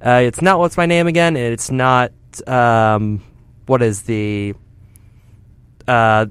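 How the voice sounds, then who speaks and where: A man's voice: medium pitch, steady tone, fairly bright tone, clear, resonant tone, dry recording. Joking male radio host, dry sound. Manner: joking, quick asides. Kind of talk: casual radio chat. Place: radio studio.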